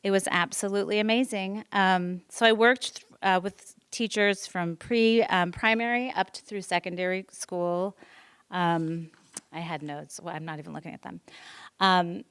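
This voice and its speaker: Earnest, smooth-voiced woman teacher. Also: lowish voice, a bit bright. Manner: earnest, many ums and restarts. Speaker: teacher presenting at school board meeting. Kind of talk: emotional personal presentation. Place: public meeting room.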